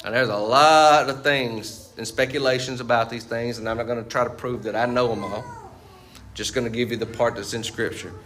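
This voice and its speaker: Preaching in a chatty style, a male pastor quizzes his listeners with fill-in questions, capping points with "right?" and "you see what I'm saying?" His voice is medium-pitched, steady, fairly quick and a bit bright, with a little hiss or hum.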